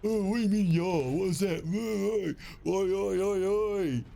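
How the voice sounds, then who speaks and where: A man's voice: high voice, measured pace, creaky, warm tone, voice pushed up. A man voicing a rowdy male English friend who mocks him with chants of "oi". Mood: mocking. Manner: taunting, chanting "oi".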